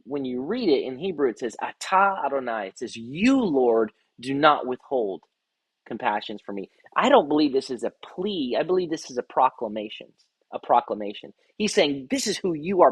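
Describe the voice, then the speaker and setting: A man's voice: mid-range voice, breathy edge, no room sound, highs cut off. A man as rabbi giving an earnest devotional Bible teaching, often repeating words as he reads scripture aloud.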